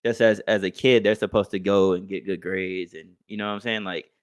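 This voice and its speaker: A young man with a fairly low voice talks casually on a podcast. He is loose and profane, and he keeps slipping into other people's voices to act out what they said. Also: fairly even intonation, brisk, no room sound, studio quality. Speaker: podcast co-host. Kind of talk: casual chat.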